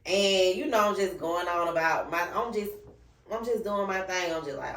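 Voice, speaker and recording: A woman hosting a podcast, chatting casually and telling a personal story in an animated way, acting out the voices of the people she quotes. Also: mid-range voice, measured pace. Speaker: podcast host. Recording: roomy echo, mic at a distance.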